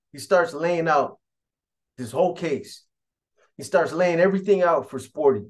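A man telling a story in a loose, rambling street-talk way, padding his sentences and circling back to repeat himself. His voice sits a touch higher than most men's. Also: fairly quick. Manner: loose and repetitive, street slang, frequent "you know". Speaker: storyteller recounting prison events. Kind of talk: casual spoken storytelling.

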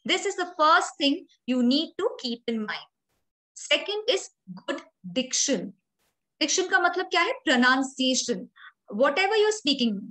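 A young adult woman with an Indian English accent speaks in a high-pitched, slightly bright voice over poor-quality audio. She delivers a grooming training lecture directly to her listeners, emphatic and explanatory.

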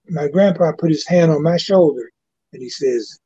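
An older man, a guest on a webcast, tells a personal story in a halting way with many "you know"s. The audio is dull and lo-fi. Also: on the high side, dark tone, slightly rough, no room sound. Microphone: webcast mic.

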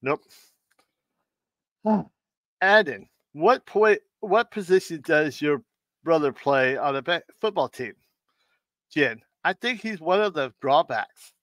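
A man's voice: a little high, lively intonation, takes it slowly, long pauses, a bit bright, no room sound. A man hosting a live stream, telling corny jokes and riddles, often stumbling and restarting and laughing at his own punchlines. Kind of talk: casual joke telling.

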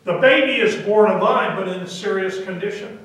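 A male pastor telling a story in a sermon, deliberate and halting now and then, recorded from a distance in a church. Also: high voice, a bit bright, heavy reverb. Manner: deliberate, with hesitant fillers. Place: church sanctuary.

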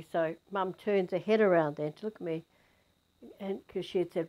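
Lively Australian woman telling a story. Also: fairly low pitch, fairly quick. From Western Australia. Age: over 50. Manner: animated, acts out quoted voices. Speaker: spiritual teacher. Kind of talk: personal storytelling.

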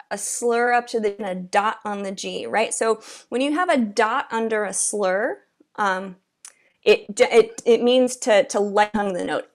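A woman teaching an oboe masterclass, chatty and encouraging, singing rhythms aloud as she explains. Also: medium pitch. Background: oboe playing.

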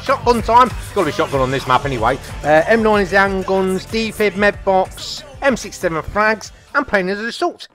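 Excitable man commentating gameplay. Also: sits high, normal speed, hardly any pauses, soft background music. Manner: chatty, excitable, repeats come on and whoa. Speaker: gaming channel host. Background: faint game gunfire.

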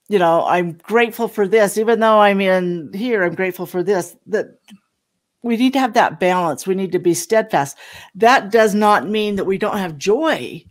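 A woman's voice: medium pitch, expressive, measured pace. A woman co-hosting an interview, speaking reflectively and thinking aloud. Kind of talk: conversational interview.

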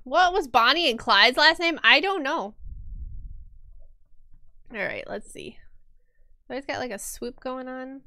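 Woman streamer-artist, casual rambling chat with frequent laughs; bright, crisp, lively voice. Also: high voice, measured pace, pauses often, dry recording. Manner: chatty and rambling, laughs often. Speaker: streamer and illustrator. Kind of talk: casual livestream chat while drawing.

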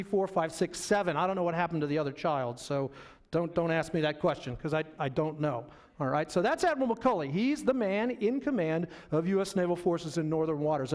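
A middle-aged man giving a history lecture in a loose, conversational way, with fillers and asides to the audience. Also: high-pitched. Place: lecture hall.

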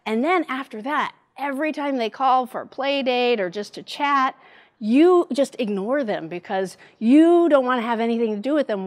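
A middle-aged woman giving a devotional church talk, telling a personal story in an animated way. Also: a little high. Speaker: church speaker.

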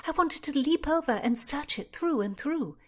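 Woman narrator doing an earnest young Tudor lady in an audiobook, lifted pitch, emphatic. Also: expressive, normal speed. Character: spirited young Tudor noblewoman on a quest.

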